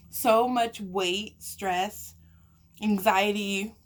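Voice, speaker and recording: In an unhurried, mid-range voice, a young woman shares a personal story over a meal in her mukbang vlog. The chat is casual and emotional, punctuated by frequent sighs and laughter.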